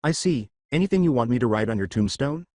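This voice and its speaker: An old, scarred battle lizard speaks sternly in a put-on French-like accent, as a man acts him out. The menace comes through a lively, shifting delivery. The sound is dry and close. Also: mid-range voice, fast talker, no echo, close to an everyday voice. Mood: menacing.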